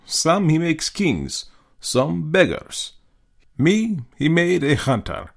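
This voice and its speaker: A man voicing a suave, menacing aristocratic hunter in a storybook reading, speaking slowly and courteously. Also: a little high, big pitch swings, vocal fry, pitched above the performer's own voice, full character voice. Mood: measured menace. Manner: slow, measured, courteous.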